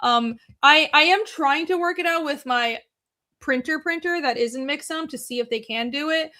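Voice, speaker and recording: A woman with a high, bright voice chatting casually on a live stream. She talks fast and teases her co-hosts. It sounds like an online call mic. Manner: chatty, self-deprecating, quick to tease. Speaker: podcast co-host and comic artist.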